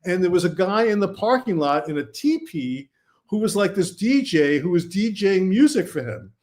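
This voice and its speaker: Man from Brooklyn, film director guest, highish voice, animated storyteller. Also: normal speed. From Brooklyn, New York. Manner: animated anecdotes, quotes himself and others. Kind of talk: casual storytelling.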